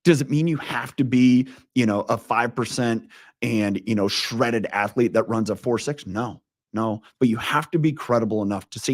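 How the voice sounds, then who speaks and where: A man's voice: mid-range voice, normal speed, no echo, studio quality. A man in his forties, a leadership coach, talking earnestly and intensely in a casual interview, telling stories with frequent restarts.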